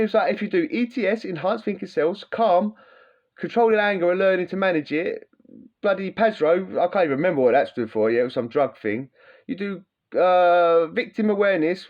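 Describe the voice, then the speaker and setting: Ranting, swearing man. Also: sits high. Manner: animated, swearing, blunt and mocking. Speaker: podcast host, former prisoner. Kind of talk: casual ranting monologue. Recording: dull lo-fi sound.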